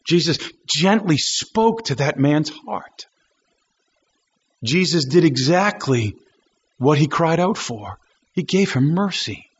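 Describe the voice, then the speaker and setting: Male preacher, high husky voice, emphatic rhetorical sermon, dull lo-fi recording. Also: lively intonation, slow, pauses often. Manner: emphatic, repeated rhetorical questions.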